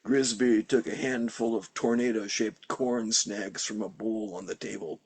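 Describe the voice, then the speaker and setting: A man narrates a short story in an even storyteller voice. His tone is husky and breathy, and the sound is close and dry. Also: on the low side, normal speed, hardly any pauses, dry recording. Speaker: reader. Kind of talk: reading fiction aloud.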